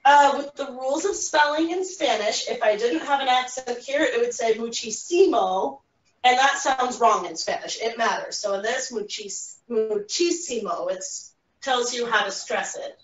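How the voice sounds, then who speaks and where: A woman's voice: a little high, moderate pace. A woman Spanish teacher patiently explaining a lesson to other teachers, with frequent fillers. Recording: roomy, distant, dull classroom audio.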